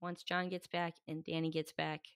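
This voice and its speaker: A woman's voice: deep voice, flat delivery, normal speed, smooth, dry recording, studio quality. A woman co-hosting a podcast in casual chat, talking freely and acting out quotes in exaggerated voices. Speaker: podcast co-host. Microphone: podcast microphone.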